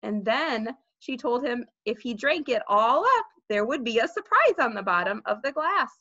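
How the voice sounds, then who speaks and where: A woman teacher reading a children's novel aloud with expressive storytelling, in a dull lo-fi recording. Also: on the high side, moderate pace, dry recording. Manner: expressive storytelling, with light laughs.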